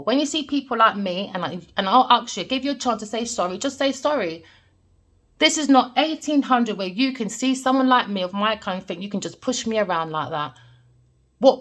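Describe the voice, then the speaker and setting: A woman talks through a tarot reading in a lively, emphatic manner, often checking in with "all right?" Her pitch sits mid-range for a woman, and she speaks plainly and directly, as if telling a story to friends. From Jamaican family background. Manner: animated, emphatic, repeats points with "all right?". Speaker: tarot reader.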